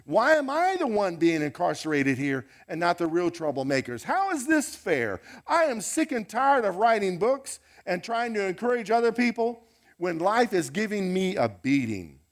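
A man's voice: sits high, very animated, moderate pace, pitched above the performer's own voice. A male pastor playing a weary older apostle who is a shipwrecked prisoner, complaining in an exasperated rant. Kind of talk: sermon role-play.

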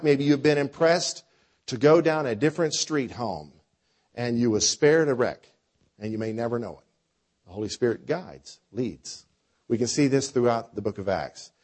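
A man preaching a sermon with a conversational style, dropping to quiet lines and rising to loud, drawn-out phrases. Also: medium pitch. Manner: preacher with a dynamic delivery, swinging between soft and loud. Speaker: pastor.

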